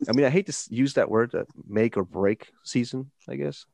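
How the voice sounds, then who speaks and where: A man's voice: medium pitch, brisk, gravelly, dry recording. A man hosting a casual gaming podcast chat, rambling and restarting his words as he talks. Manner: rambling, repeats and restarts words, animated emphasis. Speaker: podcast host.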